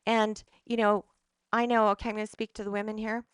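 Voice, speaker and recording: A woman's voice: medium pitch, level tone, a little fast, clear, resonant tone, dry recording. A middle-aged woman, a holistic practitioner, giving an earnest, emphatic motivational talk to a live audience and often restarting her sentences.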